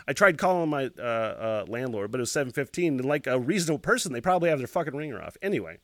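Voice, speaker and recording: A man hosting a solo podcast, telling a rambling story with lots of swearing, laughing as he talks and shouting sound effects. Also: mid-range voice, sing-song, quick pace, hardly any pauses, no echo. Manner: laughs while talking. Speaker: podcast host.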